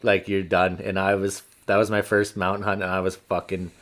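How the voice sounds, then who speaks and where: A man hosting a podcast, telling a hunting story in a casual, animated, profane way. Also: deep voice, a little fast. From Canada. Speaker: podcast host.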